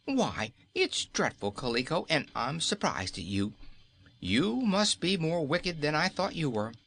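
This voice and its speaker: A man's voice: a little high, very animated, unhurried, gravelly, a bit bright, voice pushed up, exaggerated voice. A man voicing a bold, indignant little girl who scolds firmly. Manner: scolding, firm.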